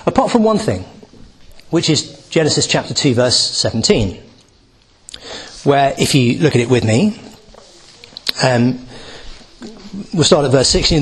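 A man's voice: mid-range voice, sing-song, a little slow, pauses often, breathy edge. A man giving a Bible teaching talk, reading a passage and explaining it with many restarts and asides. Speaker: preacher.

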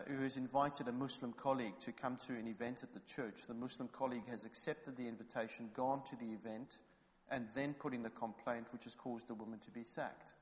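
Fervent preacher man in a reverberant hall. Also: mid-range voice. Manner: storytelling, rising to loud fervent exhortation. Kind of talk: sermon.

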